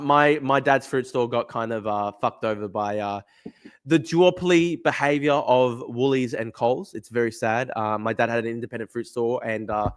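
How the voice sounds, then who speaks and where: A young man from Australia talks casually on a livestream, reading out viewer comments and riffing on them. His voice sits in a middle pitch, and he rambles, circling back and repeating his points. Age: young adult. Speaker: livestream host reading chat.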